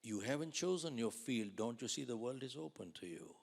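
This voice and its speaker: A man's voice: mid-range voice, expressive, a little fast, vocal fry. A man voicing a blunt, stern male insurance manager, curt and scolding as he speaks.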